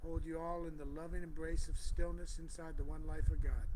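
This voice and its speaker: A man's voice: a little high, brisk, hardly any pauses, rough recording. A man, a spiritual teacher, speaking fervent, repetitive affirmations and greeting viewers of his live stream. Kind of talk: spoken affirmations and comment greetings. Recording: steady background noise.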